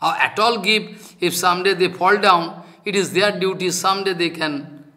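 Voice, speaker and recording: Male preacher, high bright voice, emphatic and repetitive, acts out the dialogue he quotes. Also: fairly even intonation, moderate pace. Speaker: spiritual teacher. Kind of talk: devotional sermon.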